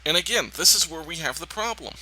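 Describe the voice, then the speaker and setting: A man giving indignant, emphatic political reaction commentary on a video clip, pausing to talk over it. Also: a little high, lively intonation, pushed and bright, slightly rough, poor audio.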